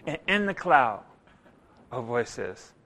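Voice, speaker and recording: A man preaching a sermon, animated, acting out voices and rising loud for emphasis. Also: medium pitch, takes it slowly.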